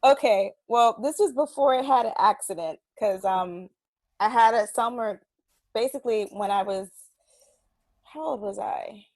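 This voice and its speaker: A woman saxophonist speaks as an interview guest with a voice a touch higher than most. She tells her stories in an animated way, laughs often, and sometimes acts out other people's voices. The recording is dry and close, with no room sound. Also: unhurried, no echo. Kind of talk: casual interview storytelling.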